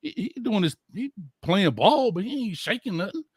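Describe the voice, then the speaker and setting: A man hosting a casual sports debate, excitable and quick to cut in. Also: sits high, husky, dry recording, clean studio sound. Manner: excitable, cuts in often. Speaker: host.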